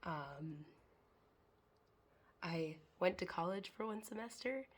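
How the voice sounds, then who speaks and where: A young woman vlogging in a casual, rambling way, her voice hoarse and congested from a cold. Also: lowish voice, animated, takes it slowly, faint music behind. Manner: rambling, chatty, trailing off into fillers. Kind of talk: casual chat to camera.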